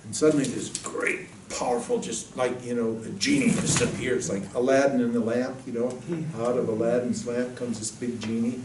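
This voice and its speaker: A man's voice: medium pitch, normal speed, hardly any pauses, background noise. Jokey male storyteller in an echoey room. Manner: lively, jokey storyteller who laughs at his own jokes. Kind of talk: spiritual talk with storytelling. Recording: roomy, distant mic, faint ambience.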